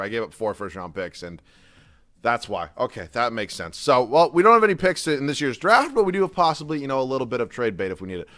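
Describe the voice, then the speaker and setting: A man's voice: medium pitch, a bit bright, dry recording, studio quality. A young man giving casual, profane gameplay commentary, ranting as he plays. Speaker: gaming YouTuber.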